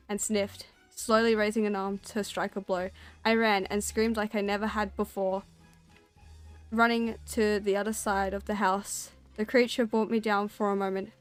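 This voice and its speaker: A woman's voice: medium pitch, flat delivery, normal speed, clean tone. Woman streamer reading a scary story off a desk mic, faint music behind. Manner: storytelling, then chatty and self-conscious. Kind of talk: reading a spooky story aloud.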